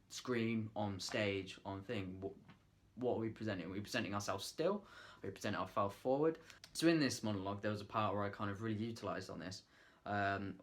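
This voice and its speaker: A man talking casually to camera, giving acting tips in a loose, chatty way with lots of fillers, trying out lines in different ways. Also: lowish voice. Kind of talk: casual vlog tutorial.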